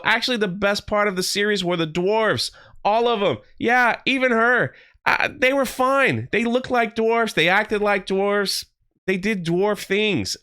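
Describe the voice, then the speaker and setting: A man hosting a casual online review, talking bluntly and sounding exasperated as he retells scenes with quick voiced asides. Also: high voice, sharp tone, clear, resonant tone. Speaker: YouTube show host reviewing a TV series.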